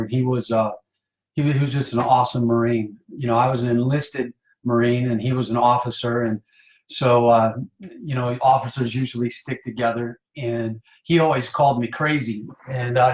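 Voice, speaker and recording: A man from Michigan tells a personal testimony in a casual, halting way, with many fillers and restarts, and keeps his pitch flat and even. The live-stream audio is dull and roomy, with echo around his voice. He speaks as a pastor addressing his viewers. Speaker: pastor and Marine veteran. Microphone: phone or webcam for a live stream.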